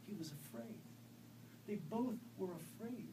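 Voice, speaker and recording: A male author reading his own fiction aloud at a live event, in steady, measured narration. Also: a little high, distant mic, slight background noise, poor audio. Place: event room.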